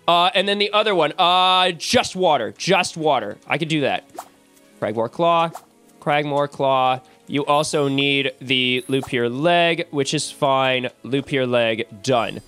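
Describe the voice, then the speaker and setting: A woman playing a video game and commentating, excitable, swearing and shrieking. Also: extremely low pitch, slow, smooth. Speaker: gamer. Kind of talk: let's play commentary. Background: game music.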